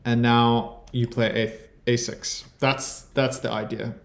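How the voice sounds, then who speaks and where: A man's voice: medium pitch, little pitch movement, slow pace, gravelly, roomy sound. South African man talking through chess. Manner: chatty, thinks aloud about moves. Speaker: chess streamer. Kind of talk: casual commentary over his own chess game.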